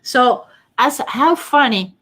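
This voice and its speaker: A woman's voice: sits high, lively intonation, slow pace, a bit bright. A woman with a strong non-native accent, hosting a casual live stream and chatting through viewer comments. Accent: non-native English. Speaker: host and face-reading teacher.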